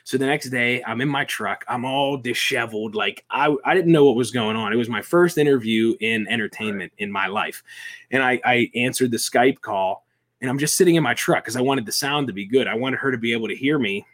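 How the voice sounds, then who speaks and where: An animated man telling stories as a toy collector on an interview show. He jokes at his own expense and rambles loosely from one thought to the next. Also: mid-range voice, a little fast. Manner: animated, self-deprecating, rambling with restarts. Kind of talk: casual interview storytelling.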